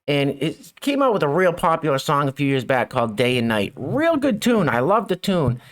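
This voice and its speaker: A man's voice: on the high side, sing-song, normal speed. A middle-aged man hosting a mocking news commentary show, with sarcastic, chuckling asides. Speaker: show host.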